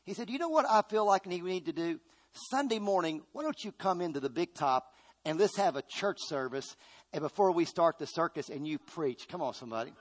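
A middle-aged man pastor preaching a sermon, calling out to his congregation and rising to loud, emphatic bursts. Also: a little high, lively intonation, a little fast.

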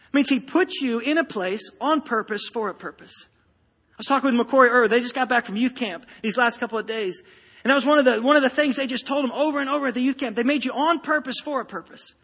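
A man's voice: very high voice, fast, pushed and bright, breathy edge. A man preaching a sermon to a congregation, emphatic and rousing, speaking straight to the listeners. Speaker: pastor. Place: church sanctuary. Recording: long reverb of a large hall.

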